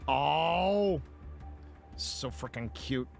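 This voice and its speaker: A man's voice: a little high, lively intonation, very slow, vocal fry, soft background music. Chatty man hosting a live stream. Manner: rambling, self-interrupting, playful banter with chat. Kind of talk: casual live stream chat.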